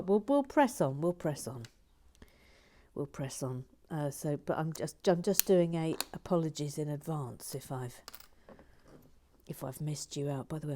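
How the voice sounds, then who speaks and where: A woman hosting a relaxed building stream, chatting playfully, reading comments aloud and laughing. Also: sits low, noisy background. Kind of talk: casual chat while building.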